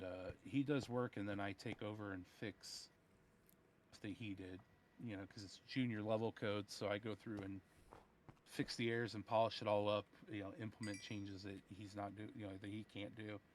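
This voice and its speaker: A tired man, a software developer, ranting about work with heavy swearing in a casual voice-chat conversation. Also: lowish voice, slight background noise, poor audio. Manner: profane, ranting, retells dialogue. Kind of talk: casual chat over voice call.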